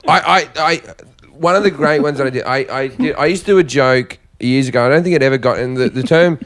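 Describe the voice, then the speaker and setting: A man's voice: medium pitch, quick pace, a bit bright. A male comedian with a mid-range voice, talking casually as a podcast guest. He tells rambling anecdotes full of crude jokes. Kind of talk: casual storytelling chat.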